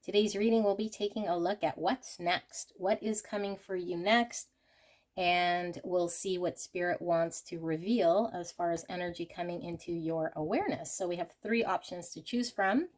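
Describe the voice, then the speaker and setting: A woman's voice: fairly low pitch, normal speed, a little mellow. A woman hosting a pick-a-card tarot reading, talking in a gushing, exclamatory way as she turns the cards. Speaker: tarot reader.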